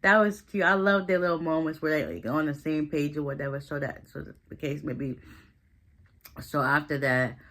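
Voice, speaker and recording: A woman giving a casual, chatty recap of a TV episode, full of fillers and growing animated as she retells scenes. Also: low voice, normal speed. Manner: chatty, loose, heavy with fillers like "like" and "listen". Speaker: recap vlogger.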